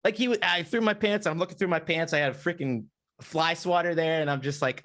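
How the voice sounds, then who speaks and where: Young man telling an animated story. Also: on the high side, a little fast. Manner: animated storyteller, acts out his own panicked reactions. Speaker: podcast host. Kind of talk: casual chat.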